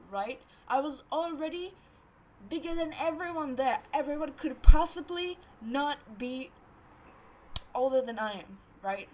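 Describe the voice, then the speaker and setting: High-voiced young woman ranting, unhurried. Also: a little hiss or hum, rough recording. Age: about 20. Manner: animated ranting, heavy swearing. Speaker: vlogger. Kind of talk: casual storytime chat.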